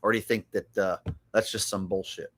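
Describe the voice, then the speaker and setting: A man's voice: on the low side, fairly even intonation, a little fast, fairly bright tone. A middle-aged man giving rambling, mocking commentary on his live stream. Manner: rambling, mocking, with filler words.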